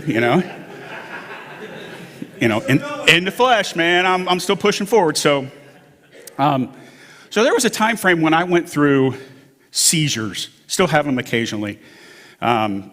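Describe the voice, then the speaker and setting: A man's voice: fairly high pitch, lively intonation, measured pace, long pauses, a bit bright. A man from the United States giving a conversational personal testimony to a church congregation, acting out the voices of people in his story. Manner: conversational storytelling, acts out quoted dialogue. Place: church sanctuary. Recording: long hall reverb from a church sanctuary.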